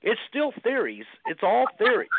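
High-voiced man on a tinny phone line. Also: normal speed, vocal fry, slight background noise. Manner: relaxed, joking, rambling. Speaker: paranormal equipment builder, guest. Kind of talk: casual chat.

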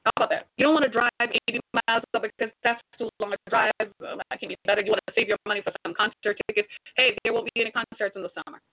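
A woman's voice: fairly high pitch, steady tone, quick pace, hardly any pauses. A woman delivering an impassioned monologue straight to viewers, preachy and exhorting, full of rhetorical questions. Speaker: commentator. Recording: tinny phone-like sound.

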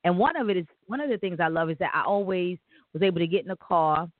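A woman from Delaware hosting a casual interview, telling stories with excitement and animation. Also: on the low side, fast talker, no echo. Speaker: host. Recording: tinny phone-like line.

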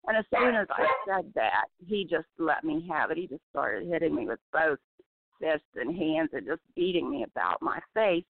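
A woman giving an emotional personal testimony by phone, halting and often restarting her sentences. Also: low voice, lively intonation, dry recording. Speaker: testimony guest. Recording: dry tinny phone line.

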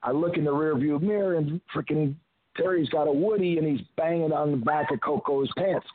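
A man's voice: a little high, brisk, dry recording. Older man telling stories over a phone line. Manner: rambling anecdotes with frequent restarts. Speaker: guest, retired wrestler. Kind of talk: phone interview storytelling. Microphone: telephone.

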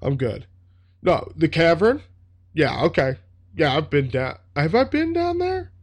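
Male reader doing a jumpy young thug in a spoken story, pitched well up, stammering and rambling about being fine. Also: big pitch swings, measured pace, heavily acted. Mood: nervous. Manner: stammering, rambling nervous chatter. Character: jittery young male gunman, nervous and in denial.

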